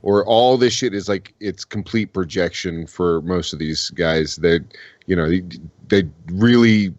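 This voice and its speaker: A man with a very low voice rambles through casual, profane podcast chat. The sound is dry with no room echo and slightly dull, as if through a modest mic. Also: a little slow.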